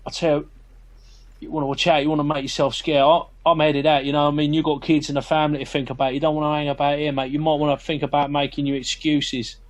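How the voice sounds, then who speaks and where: A man's voice: fairly high pitch, flat delivery, fast talker, close to an everyday voice. A man voicing a streetwise man in a tabletop role-play, chummy and conspiratorial. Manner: chummy, conspiratorial, keeps saying mate. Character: streetwise burly man, chatty Cockney geezer.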